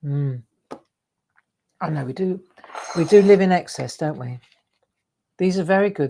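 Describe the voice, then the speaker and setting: Older woman, lower voice, chatty craft livestream host. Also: a little slow, long pauses, mellow. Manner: chatty, rambling, reads out viewer comments. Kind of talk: casual livestream chat with viewers.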